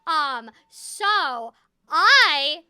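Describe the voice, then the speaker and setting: A woman's voice: high-pitched, sing-song, very slow, sharp tone, dry recording, clean studio sound. A young woman hosting a casual chat, bubbly and laughing often as she jumps from one topic to the next. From Seattle. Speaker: host, voice actor. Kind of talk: casual conversation.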